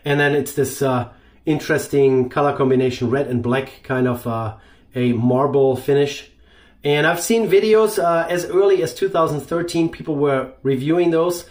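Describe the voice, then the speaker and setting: A man's voice: on the high side, moderate pace, a little mellow. Rambling man reviewing gear. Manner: loose, rambling, with many fillers and restarts. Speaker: shaving channel host. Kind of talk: casual product review.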